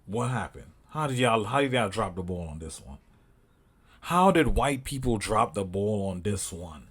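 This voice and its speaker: Man, African American English accent, husky, heated rant with swearing and sudden loud outbursts. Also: on the low side, very animated, moderate pace. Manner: angry, swearing, emphatic, rising to outbursts. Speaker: commentator reacting to a video. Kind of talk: heated casual reaction commentary.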